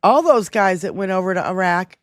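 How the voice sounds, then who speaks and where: A woman's voice: medium pitch, a little fast, no echo, studio quality. A woman co-hosting a casual political chat podcast, ranting angrily with lots of swearing. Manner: angry, profane, animated ranting. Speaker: podcast co-host.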